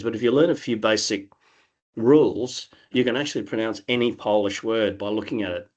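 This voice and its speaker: A middle-aged man with an Australian accent, answering interview questions in a relaxed, rambling way with many restarts over a video call. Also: fairly low pitch, fairly quick. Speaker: interview guest. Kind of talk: casual conversational answers.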